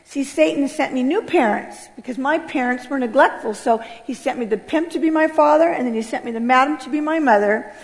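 A middle-aged American woman gives a personal testimony in a fairly high, gravelly voice. She tells her story earnestly, and her voice rises with emotion at the big moments. A long hall reverb trails behind every word. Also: a little fast, few pauses. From United States. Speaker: speaker giving a testimony.

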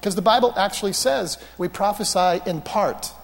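Male preacher, high voice, storytelling sermon, long hall reverb, animated anecdotes. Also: normal speed, gravelly. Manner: anecdotal, animated, self-mocking humor.

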